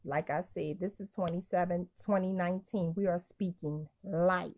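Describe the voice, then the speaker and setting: A woman's voice: on the low side, fairly even intonation, normal speed, darkish tone. Woman minister, informal live-stream devotional, emphatic and repetitive, phone mic. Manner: casual, emphatic, repeats phrases.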